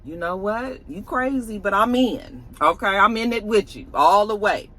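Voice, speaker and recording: A woman's voice: medium pitch, animated, normal speed, fairly bright tone. A woman voicing a loyal, easygoing male investigator. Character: loyal laid-back investigator man.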